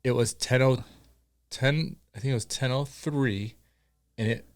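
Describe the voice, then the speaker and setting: A man's voice: medium pitch, no room sound. A man co-hosting a podcast, chatting casually and cutting in with teasing asides. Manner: teasing, chiming in with quick asides. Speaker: podcast co-host. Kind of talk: casual chat.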